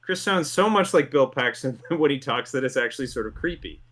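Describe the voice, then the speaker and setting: A man's voice: medium pitch, lively intonation, fairly quick, fairly bright tone. A man hosting a commentary show, reading a script in an amused tone and laughing through his lines. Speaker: host.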